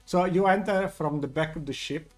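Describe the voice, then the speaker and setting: A man's voice: on the high side, moderate pace, faint music behind. A man narrating a tabletop game as game master, hesitant and full of fillers.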